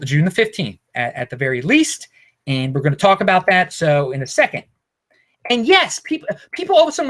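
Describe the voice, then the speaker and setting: Man, Baltimore accent, vlog host, rambling, animated pitch swings. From Baltimore, United States. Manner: rambling, excitable, frequent restarts. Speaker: cryptocurrency video host. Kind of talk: casual vlog monologue.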